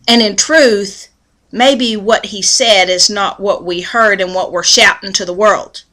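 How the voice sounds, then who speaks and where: A woman's voice: mid-range voice, a little slow, bright, forceful tone. A woman giving a devotional talk that mixes folksy storytelling with earnest preaching. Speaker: devotional speaker.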